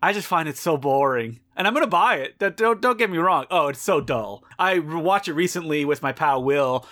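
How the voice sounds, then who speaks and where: A man's voice: a little high, animated, moderate pace, pushed and bright. A man co-hosting a podcast in casual chat, joking, laughing often, and mimicking his co-host.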